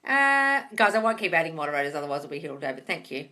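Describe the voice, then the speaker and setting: A woman's voice: sits low, sing-song, fast, bright, forceful tone. A woman hosting a live manifesting Q&A, blunt and sweary, calling her listeners darling and guys. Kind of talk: blunt casual live-stream advice. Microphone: phone or webcam on a live stream.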